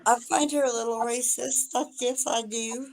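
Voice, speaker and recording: A woman's voice: fairly high pitch, steady tone, moderate pace, gravelly, low-quality recording. A woman as a guest in a heated livestream argument, deflecting with questions of her own. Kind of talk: heated group chat.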